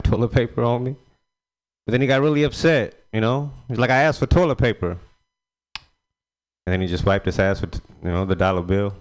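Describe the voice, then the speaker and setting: A man's voice: on the low side, smooth. Male comic, resonant voice, loose crude rambling delivery. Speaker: stand-up comedian. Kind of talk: stand-up set.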